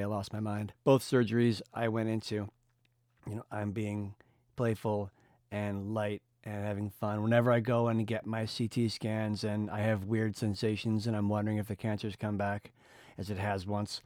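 A man talking casually as a host, relaxed and playful, laughing easily. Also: fairly low pitch, dry recording, clean studio sound. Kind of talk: casual conversation.

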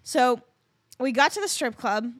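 A woman in her thirties co-hosts a casual podcast and tells a story full of rambling asides and laughter. Her voice sits high, and the recording is dry and close to the mic. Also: lively intonation, unhurried, no echo. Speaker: podcast co-host.

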